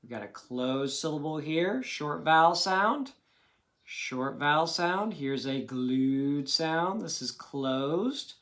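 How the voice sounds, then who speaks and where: A man's voice: on the high side, lively intonation, slow, a bit bright. A man teaching a children's phonics lesson, patiently sounding out words syllable by syllable.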